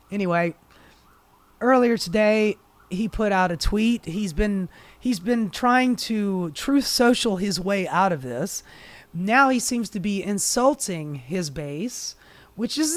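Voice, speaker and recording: A political commentary host with a hoarse, airy, breathy voice, ranting sarcastically and with a lot of profanity, close to the microphone. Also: mid-range voice, no room sound. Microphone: leaning close into a microphone.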